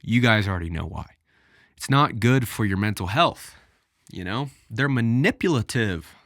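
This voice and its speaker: Man, solo podcast host, low-ish voice, casual rambling chat, talks to listeners, a bit out of breath, dry close recording. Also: animated, moderate pace, a bit bright, no room sound.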